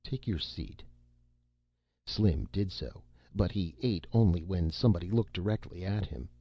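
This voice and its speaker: A man narrating a science fiction story as an audiobook, expressive and shifting into character voices. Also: deep voice, moderate pace, no room sound. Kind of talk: scripted narration. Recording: dull lo-fi, dry.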